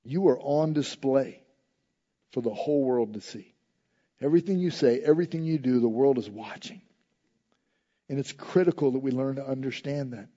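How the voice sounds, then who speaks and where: A man's voice: normal speed, long pauses. Preaching man with a dull, lo-fi sound. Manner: impassioned preaching, rising loud and high in acted prayers. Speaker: pastor. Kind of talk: sermon.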